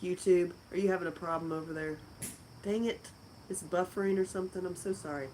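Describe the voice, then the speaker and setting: A woman's voice: fairly low pitch, fairly even intonation, fairly quick, darkish tone, slight background noise, poor audio. A middle-aged woman hosting a casual live stream, chatting and laughing as she answers viewer comments from a friend's house. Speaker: livestream host.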